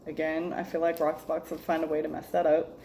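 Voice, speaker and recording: A woman talks straight to camera in a casual vlog review, sounding mock-exasperated and breaking into laughs. Her voice is fairly low and mellow, with faint noise behind her. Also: level tone, brisk, vocal fry. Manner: exasperated, joking, laughs often, talks to viewers as y'all. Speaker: jewelry subscription reviewer.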